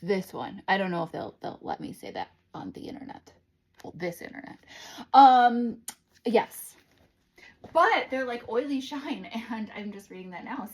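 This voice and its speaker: A young adult woman from the United States chatting casually in a vlog, sassy and animated, dropping into whispers for asides. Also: medium pitch, moderate pace, rough recording. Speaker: vlogger doing product try-ons.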